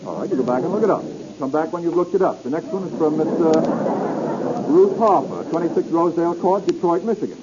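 A man's voice: fairly high pitch, fast talker. A man hosting a 1930s radio quiz show, teasing the panel with wisecracks. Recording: dull old radio recording with faint hiss.

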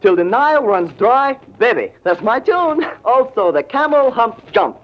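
An actor playing an eager young piano player who talks in jive slang in 1940s radio acting. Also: male voice, very high-pitched, animated, measured pace. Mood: chatty jive. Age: young adult. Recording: dull old radio recording.

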